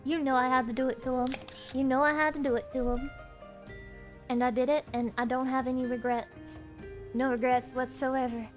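A woman streaming a game playthrough, chatting excitably with loud outbursts and frequent laughter. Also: high-pitched, moderate pace, soft background music. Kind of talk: live game playthrough chat.

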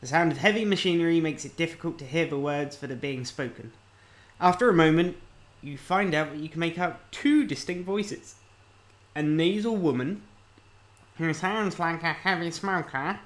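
A man casually commenting on a video game as he plays, reading the on-screen text aloud and thinking out loud. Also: fairly high pitch, moderate pace. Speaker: let's-play host.

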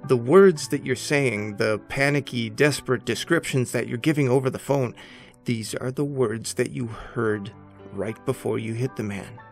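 A man hosting and narrating a horror story in a measured, scripted second-person voice. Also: medium pitch. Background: faint background music.

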